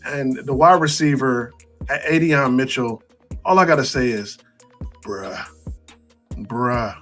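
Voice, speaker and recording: A man co-hosting a casual sports talk show, running through scores with animated, wry asides. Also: mid-range voice, normal speed, soft background music.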